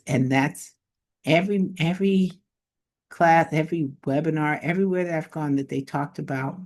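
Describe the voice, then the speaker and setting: A woman's voice: extremely low pitch, dark tone. A woman giving casual online marketing tips to camera, modest and conversational, thinking aloud as she goes.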